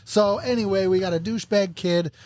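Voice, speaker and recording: A man's voice: high voice, fairly quick, darkish tone, no echo. A man co-hosting a podcast, sarcastic and teasing in casual movie banter. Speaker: podcast co-host.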